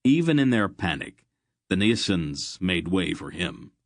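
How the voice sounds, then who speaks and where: Deep-voiced man narrating a fantasy audiobook. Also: big pitch swings, unhurried, dry recording, clean studio sound.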